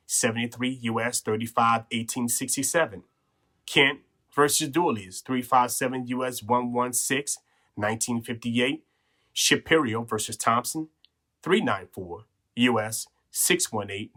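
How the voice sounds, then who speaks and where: This male podcast host, medium-pitched with a pushed and bright sound, teaches listeners about their legal rights. He is slightly breathless and earnest, often asking "okay?" or "right?" to check they're following.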